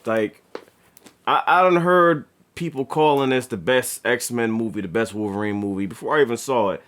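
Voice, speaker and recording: A man reviewing a film in casual chat, animated and profane, acting out scenes in slangy speech. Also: mid-range voice, normal speed. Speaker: movie reviewer.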